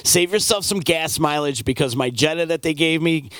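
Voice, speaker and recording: A man's voice: a little high, normal speed, fairly bright tone, clean tone, no echo. A man from upstate New York hosting a local radio show, chatty and playful as he reads sponsor spots and talks with guests in a studio. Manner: upbeat, chatty, playful hype. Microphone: studio microphone.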